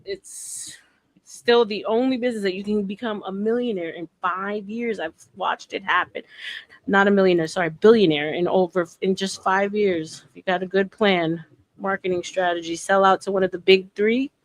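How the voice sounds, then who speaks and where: Animated woman chatting casually. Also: mid-range voice, moderate pace. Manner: animated, emphatic storyteller. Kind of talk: casual chat.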